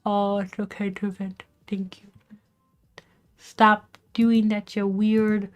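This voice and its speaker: A woman livestreamer vents to her viewers late at night at home. She keeps her voice low, often dropping to a half-whisper, and rambles with frequent restarts and casual swearing. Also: flat delivery, slow, highs cut off. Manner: hushed, half-whispered talk to keep quiet. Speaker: live streamer. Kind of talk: venting storytime on a livestream.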